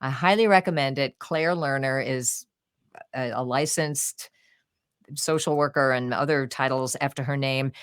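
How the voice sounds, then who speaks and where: An older woman with a low, deep-set voice talks as a podcast guest. She tells her stories expressively and acts out what people said. The sound is close and dry, with no room around it. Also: a little slow, clean tone, dry recording. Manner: expressive, animated storytelling with acted-out quotes. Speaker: guest author and audiobook narrator. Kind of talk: conversational podcast interview.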